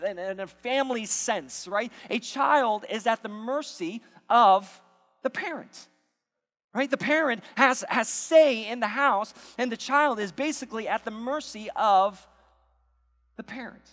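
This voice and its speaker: A man's voice: extremely high pitch, a bit bright, in a large hall. A man preaching a sermon as pastor, conversational, with repeated phrases and asides to the congregation.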